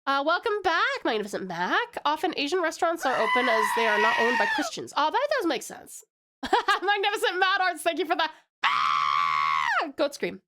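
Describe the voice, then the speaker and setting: A woman's voice: very high-pitched, very animated, fairly quick, raised voice, very noisy. An Australian woman from Tasmania chatting casually on a live stream, bubbly and greeting her chat with pet names.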